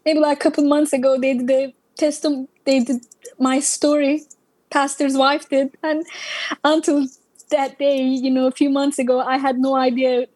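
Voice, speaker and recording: High-voiced woman telling her testimony. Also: little pitch movement, normal speed, a little mellow, no room sound, poor audio. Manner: conversational, many "you know" fillers, non-native grammar. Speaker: testimony speaker. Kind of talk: personal testimony storytelling.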